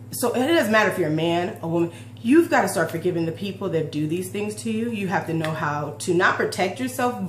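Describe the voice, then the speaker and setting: A woman in her forties talking heartfelt and emotional in a personal vlog, rambling with restarts. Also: medium pitch. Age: 40s. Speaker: fitness vlogger. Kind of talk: personal confessional vlog talk. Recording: roomy echo with faint hum.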